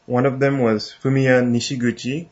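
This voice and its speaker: A chatty man hosts a casual baseball talk show, laughing easily between points. His voice sits at a middle pitch. The recording is a little dull and lo-fi. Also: level tone, moderate pace. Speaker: podcast host.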